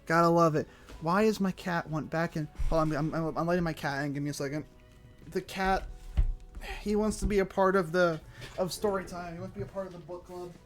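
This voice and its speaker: Excitable high-voiced male streamer. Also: a little fast. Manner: excitable and rambling, laughs, swears casually. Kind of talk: casual live-stream chat while playing a game. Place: at home. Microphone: desk microphone. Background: faint chill background music.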